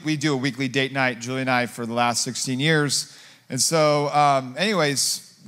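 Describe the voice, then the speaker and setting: Rambling guest pastor in a reverberant church. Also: male voice, a little high. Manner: rambling, filler-heavy, animated when quoting himself. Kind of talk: conversational sermon storytelling. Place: church sanctuary. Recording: long hall reverb.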